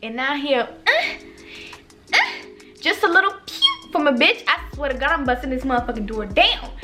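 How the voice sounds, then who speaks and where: A young woman telling stories in a casual, animated way, swearing a lot and acting out what people said. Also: sits high, moderate pace, faint music behind. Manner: animated, profane, acts out quoted lines. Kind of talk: casual storytime monologue.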